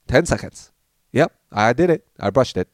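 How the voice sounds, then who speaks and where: A man telling childhood stories in a loose, animated way, slipping into the voices of his family. His pitch sits in the middle, and the recording is dry and close. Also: moderate pace, no echo. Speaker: podcast storyteller. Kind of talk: casual storytelling.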